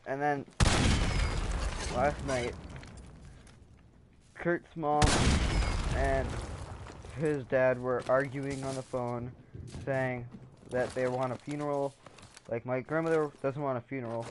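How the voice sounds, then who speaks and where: A man's voice: mid-range voice, steady tone, slow pace, pauses often, a little hiss or hum. Man rambling through a personal story. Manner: rambling, emotional storytelling with frequent fillers; acts out quoted voices. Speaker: vlogger. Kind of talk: casual storytime.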